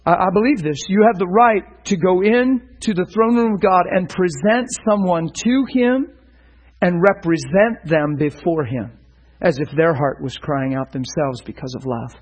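Husky, earnest male preacher. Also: high voice, normal speed, low-quality recording. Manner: earnest, animated, with stumbles and repeated words. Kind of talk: sermon-style teaching.

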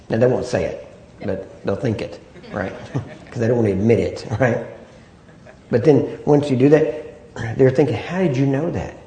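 A man's voice: mid-range voice, mellow. A man preaching a sermon in an easy, conversational way, often asking "Amen?" and "right?" to draw agreement. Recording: echoey room.

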